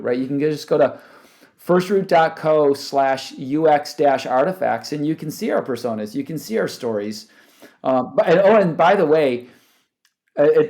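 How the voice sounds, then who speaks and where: Guesting on a podcast, this startup founder has a medium-pitched, slightly mellow voice. The interview is conversational, and he speaks animatedly, laughing and often restarting sentences.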